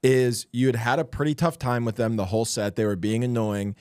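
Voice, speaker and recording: A young man, a stand-up comic co-hosting a podcast, telling a story in lively bursts and laughing as he goes. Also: mid-range voice, a little fast, smooth, no room sound, clean studio sound. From Florida. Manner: animated storyteller, laughs mid-sentence. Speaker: stand-up comedian and podcast co-host. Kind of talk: casual podcast chat.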